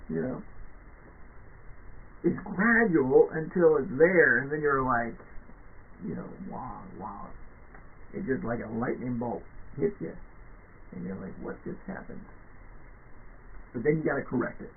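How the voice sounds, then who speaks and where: A man's voice: mid-range voice, unhurried, pauses often, slight background noise. A man hosting a podcast, giving a casual motivational talk in a chatty way, often tagging on "right?". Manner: chatty, keeps asking "right?", acts out quoted voices. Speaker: podcast host. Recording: tinny phone-like sound.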